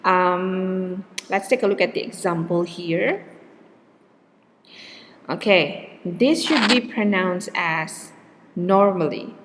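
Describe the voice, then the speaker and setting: In this recorded pronunciation lecture, a woman with a fairly low voice speaks slowly, leaving long pauses, as she patiently teaches English, says "okay" to check in, and exaggerates the stress on repeated words. There's a little hiss or hum plus long hall reverb.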